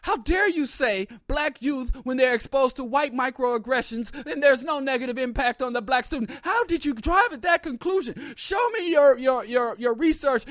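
A man voicing an indignant woman academic who shouts demanding questions from the audience. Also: very high-pitched, dry recording, studio quality, pitched above the performer's own voice.

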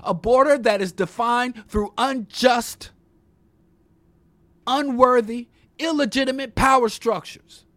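A man with a high voice delivers a fiery, profane political monologue. His preacher-like cadence rises and falls through rhetorical questions. The sound is close and completely dry. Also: slow pace, a bit bright, no echo.

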